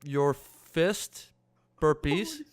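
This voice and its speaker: A man with a non-native English accent narrating as game master, halting with fillers and often laughing. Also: a little high, very animated.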